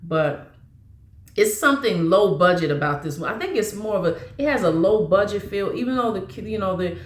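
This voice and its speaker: A woman's voice: mid-range voice, lively intonation, normal speed, echoey room, slight background noise. A woman chatting casually about movies, rambling along with frequent restarts and fillers. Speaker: movie vlogger.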